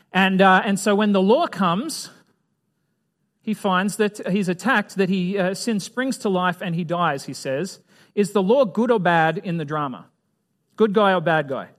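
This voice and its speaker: A man giving a conversational Bible lesson in a fairly high voice. He talks casually and keeps asking his listeners questions. Now and then he acts out little scenes as he teaches. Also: a bit bright. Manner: chatty, asks the audience questions, acts out voices. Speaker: preacher.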